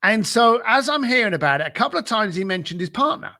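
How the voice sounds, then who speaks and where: A man with a high voice tells a story in a podcast interview, acting out both sides of a phone call. His tone is bright and forceful, and he leans on fillers and repeated "I said.". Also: very animated, fast talker. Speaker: podcast guest.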